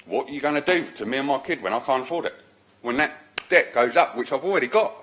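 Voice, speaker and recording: A man pleads his case at a council meeting, his voice forceful and bright. He talks bluntly and with raw emotion, at times raising his voice to the panel. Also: mid-range voice, brisk. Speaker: council tenant speaking at a public meeting. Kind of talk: impassioned public statement.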